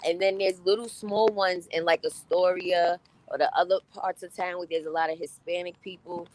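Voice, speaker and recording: A woman's voice: fairly low pitch, steady tone, normal speed, darkish tone. A woman from New chatting casually on a phone live stream, reading viewer comments, her voice muffled by a mask. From New York. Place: on a city bus. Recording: noisy phone recording on a moving bus.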